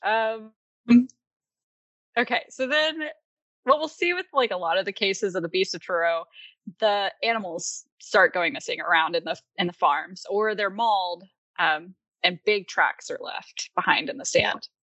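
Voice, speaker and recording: A woman's voice: medium pitch, unhurried, bright, forceful tone, no echo. A woman co-hosting a podcast, chatting casually and laughing often as she relays what she has read, with plenty of fillers. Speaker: podcast co-host presenting research. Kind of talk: casual chat.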